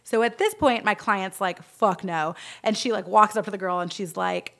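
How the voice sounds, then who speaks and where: A woman's voice: fairly high pitch, normal speed. A woman podcast host, telling a long story in casual chat and acting out the voices of the people in it. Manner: animated storyteller, acts out quoted voices, swears freely.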